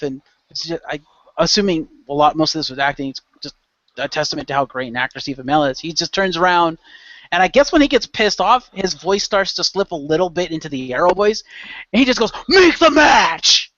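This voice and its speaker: A man's voice: on the high side, fairly quick, a bit bright, dry recording. Rambling man host, raised voice. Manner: rambling, filler-heavy storytelling. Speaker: podcast host. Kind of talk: casual chat recapping wrestling. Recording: dull, dry lo-fi podcast audio.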